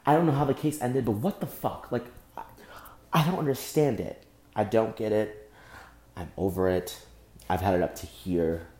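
A young man hosting a solo podcast, speaking angrily and with deep emotion, often breaking off and repeating himself. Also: normal speed, warm tone, roomy sound. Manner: angry, emotional, repeats and restarts. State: emotionally shaken. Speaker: podcast host. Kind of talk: impassioned solo podcast monologue.

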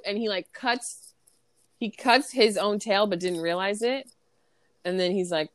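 A woman's voice: mid-range voice, moderate pace, no echo. A woman co-hosting a podcast in casual chat, giggling and acting out movie quotes as she recaps scenes. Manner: giggly, acts out quotes with voices. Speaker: podcast co-host.

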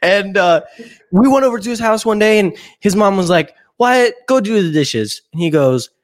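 A young man with a fairly high voice hosts a casual chat. He tells his stories in an animated way, swears freely and laughs often. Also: moderate pace. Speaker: podcast host.

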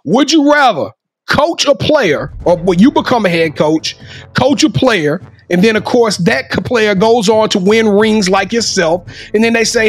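A man's voice: high-pitched, expressive, measured pace, soft background music. A man hosting a sports talk show, hyped up and running a game-show style segment. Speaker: podcast host. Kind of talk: casual interview hosting.

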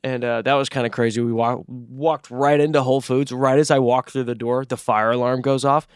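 A man's voice: medium pitch, level tone, brisk, smooth, no room sound, studio quality. A young man co-hosting a podcast, telling rambling stories full of fillers and swearing in casual chat. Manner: rambling storytelling, heavy swearing, lots of fillers. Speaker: podcast co-host.

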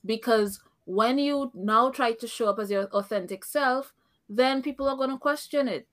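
A woman's voice: fairly high pitch, normal speed, fairly bright tone. Opinionated woman co-hosting a chat. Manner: opinionated, laughs often, repeats herself as she thinks aloud. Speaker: podcast co-host. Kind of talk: casual reality-show recap chat.

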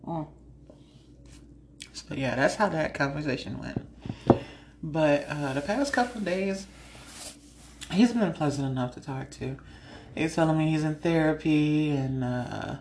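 A woman's voice: low voice, a little hiss or hum. Frank, laughing woman podcast host. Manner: frank, laughs often while telling stories; animated, acts out her own side of conversations. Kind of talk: casual chat.

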